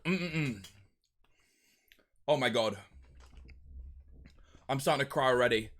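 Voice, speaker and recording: A man live-streaming a hot sauce tasting, giving an animated running commentary and complaining about the heat. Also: medium pitch, normal speed. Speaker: livestreamer.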